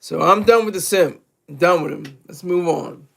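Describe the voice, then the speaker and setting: Streamer type: man with a high, gravelly voice, crude and mocking, rambling livestream rant. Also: normal speed, a bit bright.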